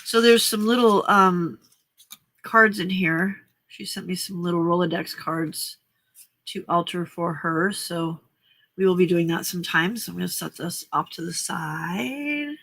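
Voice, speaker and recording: A woman's voice: lowish voice, unhurried, a bit bright. A woman hosting a casual late-night crafting livestream, chatty and upbeat, greeting viewers by name. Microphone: desk microphone.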